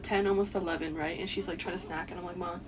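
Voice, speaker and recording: A young woman chatting casually on a podcast, relaxed and full of fillers. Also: fairly low pitch, quick pace, recorded from a distance, slight background noise. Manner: relaxed, laughing, many fillers. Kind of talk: casual chat.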